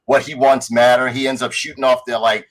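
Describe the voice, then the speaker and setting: Animated male podcast host retelling a show. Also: mid-range voice, brisk, rough recording. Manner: animated storyteller, acts out characters' lines, swears freely. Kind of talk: casual chat reviewing a show.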